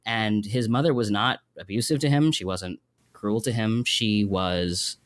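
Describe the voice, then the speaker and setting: A man co-hosting a podcast, chatting casually in an animated, rambling and emotional way. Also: on the low side, unhurried, dry recording. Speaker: podcast co-host. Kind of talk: casual chat.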